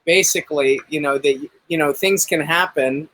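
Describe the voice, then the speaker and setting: A man's voice: a little high, normal speed, sharp tone, rough recording. A man hosting an interview, asking questions like an eager fan and rambling encouragingly. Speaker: host.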